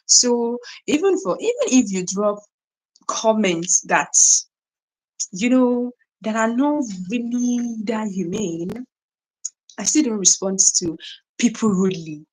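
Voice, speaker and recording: A young Nigerian woman hosts a casual live stream, greeting viewers by name, reading their comments, and often checking in with "right?" and "you know". Her voice is fairly high, animated, and a little mellow, she speaks slowly, and the recording is rough.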